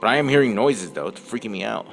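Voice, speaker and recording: A young gameplay commentator talks quickly in a lowish, animated voice with vocal fry while playing a horror game. He jumps at scares with yelps and screams, then mutters to himself.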